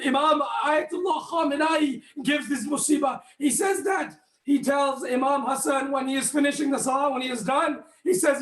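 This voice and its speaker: A man delivering an impassioned sermon to a congregation, often raising his voice to a near shout and putting questions directly to his listeners. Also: extremely high pitch, steady tone, moderate pace. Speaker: speaker at a mourning gathering. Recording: echoey hall.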